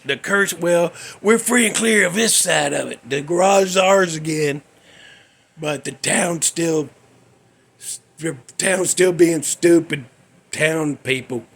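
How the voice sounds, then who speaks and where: A man's voice: fairly high pitch, slow pace, fairly bright tone. A man hosting a podcast, telling a rambling comic story with folksy chuckles. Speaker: podcast host.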